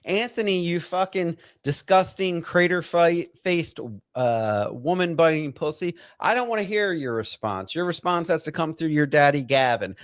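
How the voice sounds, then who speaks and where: A man's voice: on the high side, animated, moderate pace, hardly any pauses, dry recording. Man ranting furiously, dry sound. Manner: furious, profane, stammering with many fillers. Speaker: guest bartender. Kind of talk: angry podcast rant.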